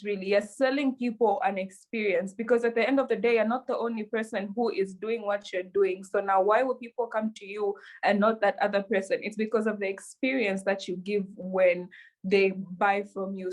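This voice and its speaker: A woman being interviewed about running her businesses, answering in an earnest, measured way with frequent fillers. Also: mid-range voice. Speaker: interview guest, entrepreneur.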